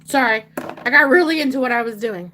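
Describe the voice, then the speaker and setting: A woman's voice: a little high, brisk, sharp tone, slight background noise. A woman from Pennsylvania hosting a craft livestream, chatting casually and playfully with her viewers. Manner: chatty, whiny and playful, talks to chat and her dog. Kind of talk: casual live chat while crafting.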